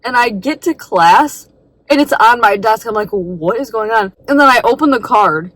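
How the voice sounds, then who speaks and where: A woman's voice: a little high, animated, normal speed, a bit bright, dry recording, low-quality recording. A young woman vlogging from her parked car, telling a story in a rambling, self-deprecating way, full of fillers and asides. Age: young adult. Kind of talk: casual storytelling vlog.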